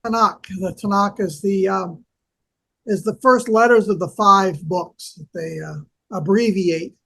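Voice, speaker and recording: A male scholar co-hosts a relaxed teaching talk. He explains at an easy pace, stopping often with fillers as he gathers his thoughts. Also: high voice, a little slow, vocal fry, breathy edge. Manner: hesitant, lots of fillers, explanatory. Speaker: co-host, archaeology scholar. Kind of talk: casual educational discussion.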